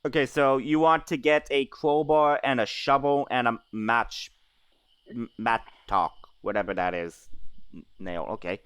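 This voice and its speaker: A man's voice: mid-range voice, steady tone, unhurried, a bit bright, clean tone, no room sound. A man running a tabletop game as game master, talking in a hesitant way with many fillers and restarts.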